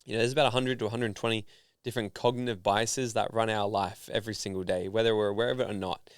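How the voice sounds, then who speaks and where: An Australian man telling stories in a casual interview, animated and full of fillers. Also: on the low side, fast, clear, resonant tone, no echo, clean studio sound. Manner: animated storyteller, filler-heavy. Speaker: podcast guest, founder and speaker.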